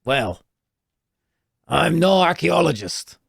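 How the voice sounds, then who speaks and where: A man voicing a grumpy male dwarf in a slow, gruff, gravelly growl. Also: fairly high pitch, lively intonation, a bit bright, no room sound, studio quality, voice pushed up, exaggerated voice. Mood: grim.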